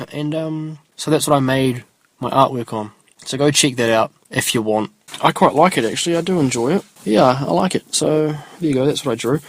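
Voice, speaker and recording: On his solo podcast, a young man with a mid-range voice talks at normal speed. The chat is relaxed and meandering, peppered with ums and side remarks.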